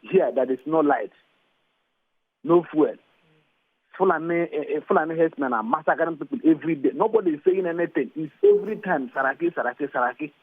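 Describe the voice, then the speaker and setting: A Nigerian man calling in to give his opinion, halting and repeating words as he gets heated, heard over a phone line. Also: on the high side. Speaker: caller.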